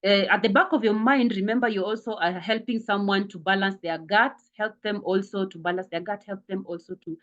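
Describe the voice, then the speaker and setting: A woman's voice: medium pitch, fairly even intonation, a little fast, hardly any pauses. A woman giving a health and wellness talk, repeating words for emphasis, with frequent fillers. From Kenya. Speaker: wellness speaker. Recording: dull lo-fi sound.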